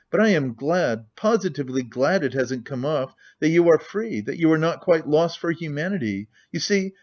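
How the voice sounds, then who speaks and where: A man voicing an excitable, preachy young idealist who lectures eagerly and talks in quick bursts. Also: fairly high pitch, highs cut off.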